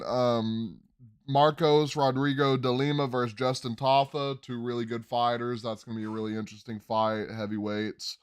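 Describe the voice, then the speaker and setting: A man with a smooth, resonant voice hosts a laid-back sports podcast. He rambles cheerfully and stumbles over tricky names, restarting them mid-word. His pitch sits in an ordinary middle range. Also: level tone, normal speed. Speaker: podcast host. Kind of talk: casual sports chat.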